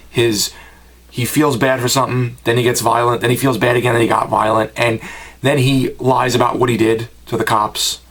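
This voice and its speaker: American guy, middle-pitched voice, casual film review, rambling, conversational. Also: fairly bright tone. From United States. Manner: rambling, conversational, with personal asides. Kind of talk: casual home-video review.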